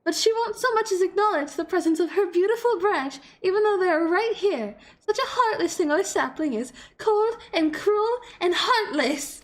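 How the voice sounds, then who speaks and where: A woman's voice: very high-pitched, expressive, moderate pace, hardly any pauses, voice pushed up. A woman voicing a tiny, haughty female fairy ruler in a grand, playful, imperious way. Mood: haughty teasing.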